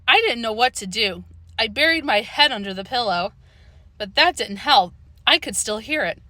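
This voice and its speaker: A woman narrating a children's book with an expressive storytelling delivery, close to the mic. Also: on the high side, moderate pace, no room sound. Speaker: audiobook narrator.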